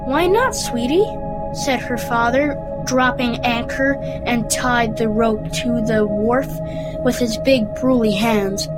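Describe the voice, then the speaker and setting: A woman's voice: a little high, steady tone, slow. A woman reading a short story aloud carefully, with small stumbles. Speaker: story reader. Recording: music playing underneath.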